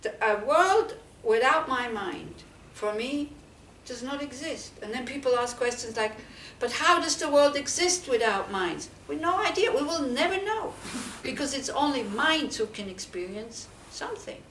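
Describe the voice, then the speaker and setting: A fairly high-voiced woman, a Buddhist nun, teaches a small group in a conversational, questioning way, sprinkling her points with "you know". She sounds set back from the mic in a roomy, echoing teaching room with faint ambient noise behind her. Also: expressive, moderate pace, few pauses, fairly bright tone. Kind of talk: dharma talk to a small group. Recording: echoey room, speaker far from mic.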